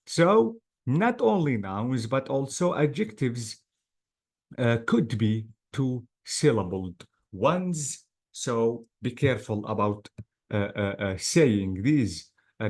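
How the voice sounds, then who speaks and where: A man's voice: mid-range voice, a little mellow. A male English teacher giving an online class lecture, patiently drilling words syllable by syllable.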